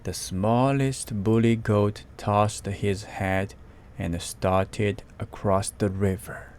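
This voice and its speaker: A man reads a children's picture book aloud at a very slow, careful pace. His voice is low, and he voices the sound effects as he goes. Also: fairly even intonation, darkish tone, a little hiss or hum. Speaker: storyteller.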